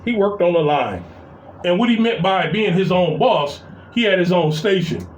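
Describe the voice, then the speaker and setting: A man telling a story in a casual, profane, animated way, venting to his viewers from his workplace. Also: high-pitched, moderate pace, highs cut off. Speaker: vlogger. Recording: echoey, distant mic with faint background noise.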